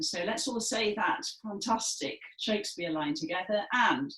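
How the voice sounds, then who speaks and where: Woman instructor, mid-pitched and unhurried, cheerful class guidance, roomy echo. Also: fairly bright tone. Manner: slow, clear and encouraging, with dramatic emphasis. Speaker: movement and music session leader. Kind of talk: instructing a gentle seated movement class. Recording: echoey room.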